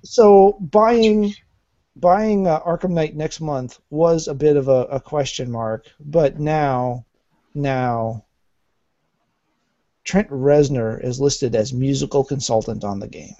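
Podcast co-host guy, warm voice, trips over his words, dry close sound. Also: medium pitch, slow, dry recording, muffled recording. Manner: hesitant, repeating words. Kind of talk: casual podcast chat.

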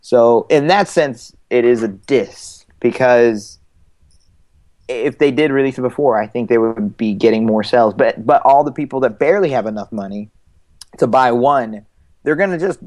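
A man's voice: mid-range voice, moderate pace, a little mellow. A man co-hosting a casual gaming podcast, joking and playfully self-mocking. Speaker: podcast co-host.

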